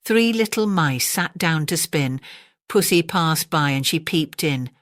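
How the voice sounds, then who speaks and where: Woman, English accent, gentle bedtime storyteller, low voice, dry close sound. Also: measured pace, dry recording. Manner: gentle, expressive. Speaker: audiobook narrator.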